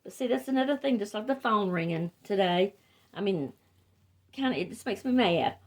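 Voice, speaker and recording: In a medium-pitched, darkish, expressive voice at normal speed, an older Southern woman from the Carolinas walks through wreath-making. It's a casual crafting chat: she's talkative and rambling, letting sentences trail off and then beginning them anew.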